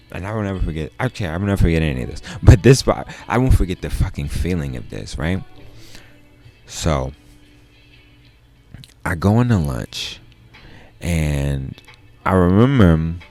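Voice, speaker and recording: A young man, a comedian, telling a personal story in a loose, profane, animated way, often jumping up into high exclamations. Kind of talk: storytelling monologue.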